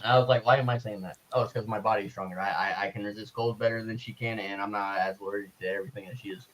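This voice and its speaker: A man in a casual group chat, telling an animated story with many restarts. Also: on the low side, quick pace, a little hiss or hum, low-quality recording. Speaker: group discussion participant.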